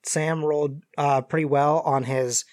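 A man's voice: a little high, fairly even intonation, unhurried, darkish tone, no room sound. A man narrating as game master of a tabletop game, hesitant with many fillers.

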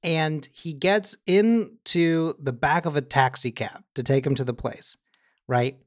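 A man's voice: on the high side, a little slow. A young man co-hosting a podcast, chatting casually and telling rambling stories. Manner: rambling, animated storytelling with acted quotes. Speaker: podcast co-host. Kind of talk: casual chat.

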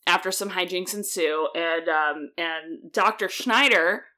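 A woman's voice: fairly low pitch, unhurried, sharp tone. A woman co-hosting a casual podcast, chatting through a movie plot with dry jokes. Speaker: podcast co-host.

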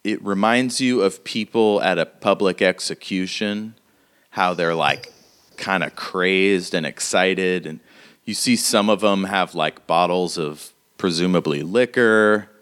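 A man's voice: low voice, a little slow, fairly bright tone, clean tone. A man narrating scenes as game master in a tabletop role-playing game, full of fillers. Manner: descriptive, with many fillers.

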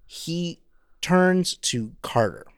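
A man's voice: fairly high pitch, lively intonation, very slow, clear, resonant tone, no echo. Chatty man, dry close sound. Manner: rambling, filler-heavy, acts out quotes. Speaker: podcast co-host. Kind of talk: casual chat.

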